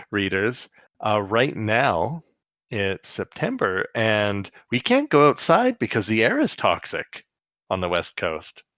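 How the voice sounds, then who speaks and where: A man's voice: on the low side, sing-song, takes it slowly, a bit bright, no echo, dull audio. A man co-hosting a podcast in casual chat, joking, swearing freely and acting out quotes. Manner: laughs often, swears freely, acts out quotes. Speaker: podcast co-host. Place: home, on the US West Coast.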